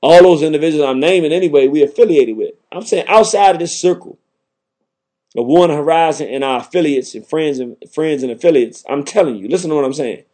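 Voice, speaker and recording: A radio talk host delivers a combative, emphatic, impassioned monologue on his program. His voice is fairly high, fairly quick and mellow.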